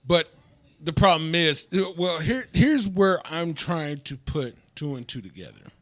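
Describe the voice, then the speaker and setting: Slow, easygoing man on a podcast. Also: fairly high pitch, animated, dry recording. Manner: laid-back storyteller, many fillers and laughs, patient pushback. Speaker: podcast co-host. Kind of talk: casual podcast chat.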